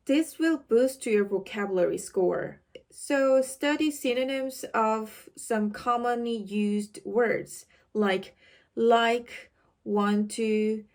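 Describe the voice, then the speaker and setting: Woman tutor, slow steady delivery, fairly high voice, clear and instructive, lesson to camera. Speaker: IELTS tutor. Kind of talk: teaching to camera.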